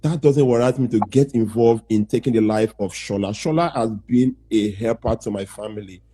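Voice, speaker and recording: A man's voice: medium pitch, mellow, husky, close to an everyday voice. A man playing a young defendant accused of murder, hesitant and defensive in a student courtroom role-play. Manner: hesitant, restarting sentences, pleading. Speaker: accused man testifying in a mock trial.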